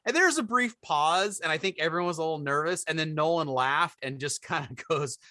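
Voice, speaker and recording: A man with a higher, bright and forceful voice tells a story on a podcast. He is animated and acts out the lines of the people in it. The sound is dry and close. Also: brisk, no echo. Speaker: podcast co-host. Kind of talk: casual storytelling chat.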